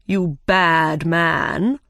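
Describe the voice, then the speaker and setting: A woman voicing a bossy, threatening storybook king who speaks slowly and loudly. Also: a little high, steady tone, creaky, no room sound, studio quality, exaggerated voice. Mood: stern. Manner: slow, loud, commanding. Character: stern bossy king, middle-aged man, threatening.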